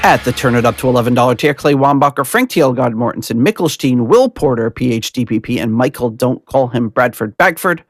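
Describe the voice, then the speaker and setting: A man's voice: mid-range voice, lively intonation, fairly quick, hardly any pauses, faint music behind. A man hosting a podcast, chatting casually and rambling with laughs and restarts. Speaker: podcast host.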